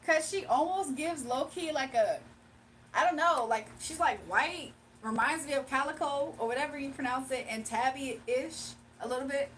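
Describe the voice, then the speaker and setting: A young woman hosts a casual livestream, chatting loosely with viewers in a high, lively voice and gushing and laughing often. She talks at a normal speed, sitting a bit back from the mic, with a faint hiss of background noise.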